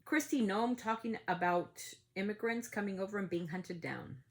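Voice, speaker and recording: A woman's voice: medium pitch, moderate pace. A woman hosting a family podcast, talking in a heated, outspoken way and swearing freely. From United States. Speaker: podcast host. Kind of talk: casual opinion talk.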